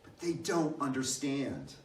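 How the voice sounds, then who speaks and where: A man's voice: mid-range voice, big pitch swings, fairly quick, sharp tone, a little hiss or hum. An older man voicing an earnest, indignant little girl during a reading, in an emphatic, insistent manner. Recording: echoey hall, mic some distance off.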